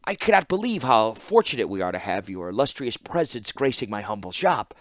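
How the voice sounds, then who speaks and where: A man reading an audiobook, voicing a fawning, rapid-talking male clockmaker. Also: on the low side, very animated, dry recording, clean studio sound. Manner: rapid, gushing, obsequious. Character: fawning middle-aged male clockmaker, groveling.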